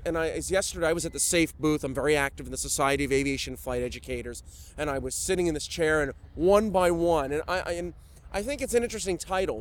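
A man, a flight instructor, talking chattily and with animation in an interview. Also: on the high side. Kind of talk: enthusiastic interview talk.

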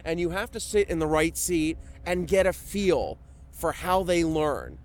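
Chatty high-voiced man. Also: a little slow, slight background noise. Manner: chatty, animated storyteller. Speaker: flight instructor. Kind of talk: enthusiastic interview talk.

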